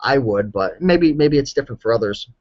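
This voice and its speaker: A relaxed, chatty man talks through a casual live stream, his mid-pitched voice slightly hoarse. He rambles easily with plenty of ums and you-knows. The audio is dull and lo-fi. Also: fairly quick. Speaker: clothing reseller answering live chat.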